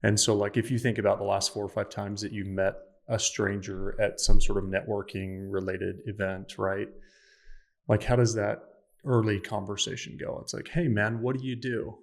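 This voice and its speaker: A man's voice: fairly low pitch, flat delivery, moderate pace, gravelly. A man in his thirties, a podcast guest and founder, telling a personal story in an earnest, emphatic way.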